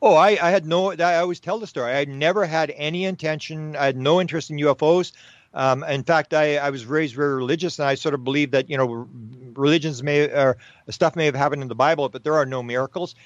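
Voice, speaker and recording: A man talking as a guest in an interview, with a voice pitched slightly high. He talks in a lively, stop-start way, full of fillers and restarts. The recording is dry and a little dull. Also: fast talker, dry recording. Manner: animated, repeats himself, many fillers and restarts. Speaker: podcast guest. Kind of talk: casual interview talk.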